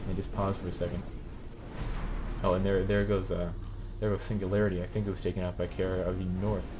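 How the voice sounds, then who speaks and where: A man's voice: low voice, flat delivery, fast, background noise. A man hosting and casually commentating a game tournament, chuckling often and trailing off into fillers. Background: background music.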